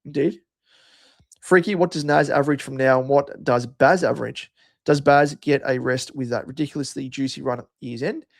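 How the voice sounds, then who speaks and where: A man's voice: mid-range voice, steady tone, normal speed, gravelly. A man with an Australian accent hosting a live stream, chatting casually and answering viewers' comments by name. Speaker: livestream host.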